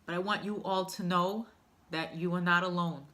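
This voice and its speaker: A woman's voice: on the low side, fairly even intonation, normal speed, pushed and bright. A woman vlogger telling a personal story to camera in a candid, emotional, rambling way. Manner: emotional, heartfelt, rambling with fillers.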